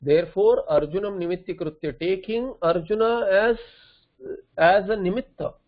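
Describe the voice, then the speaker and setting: A man's voice: high voice, normal speed. A man teaching a scripture class, explaining by asking questions aloud and answering them himself. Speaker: Vedanta teacher. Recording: dull lo-fi class recording.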